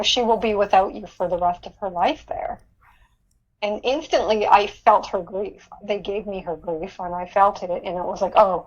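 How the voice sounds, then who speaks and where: A woman's voice: mid-range voice, highs cut off. A woman guest on an interview podcast, recounting a personal experience earnestly, often repeating words and laughing. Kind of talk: interview storytelling.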